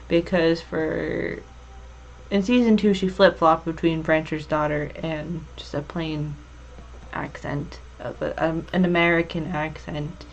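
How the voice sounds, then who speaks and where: Woman, show host, hesitant word-searching, somewhat low voice, dull lo-fi recording. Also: gravelly, a little hiss or hum. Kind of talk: casual review chat. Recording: dull lo-fi audio.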